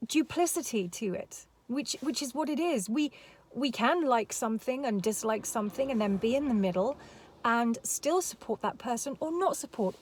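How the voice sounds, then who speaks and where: A woman's voice: sits high, husky, dry recording. A woman giving a rambling casual commentary with emphatic repetitions. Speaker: commentary vlogger.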